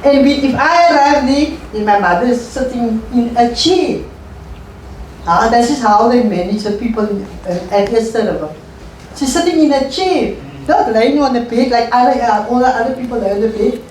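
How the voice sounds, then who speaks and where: A middle-aged woman, an interview guest telling her life story in a halting, emotional way and repeating phrases. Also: on the high side, a little mellow. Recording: echoey room, voice far from mic, faint noise.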